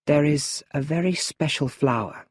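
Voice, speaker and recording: A man voicing a stern, mysterious male mentor in an audiobook story, with firm, measured speech. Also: a little high, slightly rough, no room sound, studio quality, voice pushed up.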